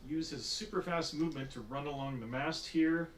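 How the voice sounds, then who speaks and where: A man's voice: a little high, normal speed. Male game master, rambling, hesitant, faint noise behind. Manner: rambling, laughing, hesitant with many fillers. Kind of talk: narrating a tabletop game over voice chat.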